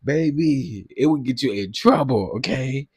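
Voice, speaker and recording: A man chats with his livestream viewers, laughing often and talking straight to the chat. His voice is a little husky and swings widely in pitch. The sound is close and dry, with no room around it. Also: a little slow, no echo. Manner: animated, laughs often, addresses chat directly. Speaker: livestream host.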